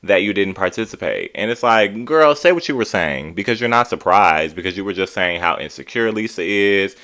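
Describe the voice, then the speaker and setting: A man recaps a reality TV episode in casual, sassy commentary, emphatic and exasperated. His voice is very low. His tone is sharp and forceful. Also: lively intonation, moderate pace.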